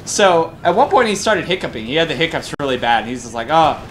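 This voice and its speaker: A young game caster from Colorado, USA, rambles through excited anecdotes during a broadcast, swearing freely in loose, casual chat and speaking a little fast. His voice sits slightly higher than most men's, and a faint hiss runs beneath the recording.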